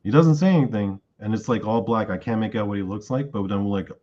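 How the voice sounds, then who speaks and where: Male interview guest, lower voice, casual animated storyteller, muffled lo-fi audio. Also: quick pace. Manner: animated retelling of a dream, acting out his own lines.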